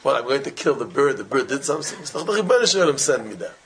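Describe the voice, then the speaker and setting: A man teaching an informal religious class, telling animated everyday stories in simple, broken English with Hebrew and Yiddish terms mixed in. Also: mid-range voice, fast, slight background noise. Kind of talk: informal Torah talk with stories.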